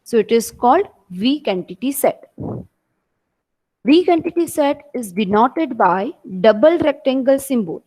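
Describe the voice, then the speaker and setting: A woman's voice: on the high side, lively intonation, unhurried, darkish tone, rough recording. A woman teacher with an Indian English accent giving an online class lecture, explaining step by step and repeating her points.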